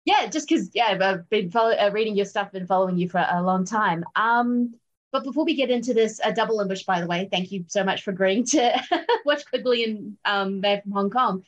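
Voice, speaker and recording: A woman hosts a casual film podcast, chatty and upbeat. Her voice sits in an ordinary middle pitch, and her talk is dotted with fillers and little laughs. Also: brisk, lo-fi sound. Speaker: podcast host.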